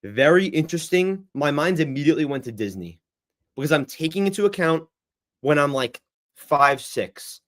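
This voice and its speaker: A young man hosting a casual livestream Q&A, rambling and reacting to the chat in a lively, chatty way. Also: a little high, normal speed. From United States. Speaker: livestream host.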